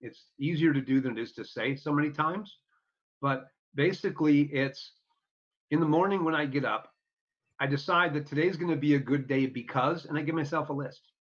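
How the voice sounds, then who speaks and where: A man's voice: on the high side, normal speed, a bit bright. Upbeat man telling stories, lo-fi sound. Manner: earnest and upbeat, acting out quoted speech in his stories. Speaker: podcast guest. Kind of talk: casual storytelling interview. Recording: dull lo-fi audio.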